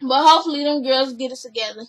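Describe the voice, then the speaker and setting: A woman's voice: high-pitched, fast talker, rough recording. A young woman, casually recapping a reality show and giving her opinions. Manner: chatty, opinionated, retells scenes with quoted voices.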